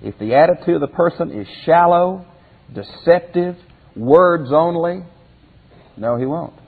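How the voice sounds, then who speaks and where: A man teaches a Bible commentary lesson in a folksy, homespun way, asking rhetorical questions as he goes. His voice sits a little high and sounds husky. The recording is thin and phone-like, with a long hall echo. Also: expressive, unhurried. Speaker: pastor teacher.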